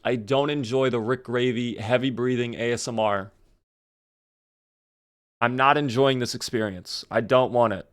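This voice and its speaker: A man's voice: medium pitch, fairly even intonation, measured pace, pauses often. A man streaming a video game, chatting casually with his viewers and joking in a mock-formal way while talking around a sore in his mouth. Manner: chats with viewers by name. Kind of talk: casual gameplay commentary to live chat.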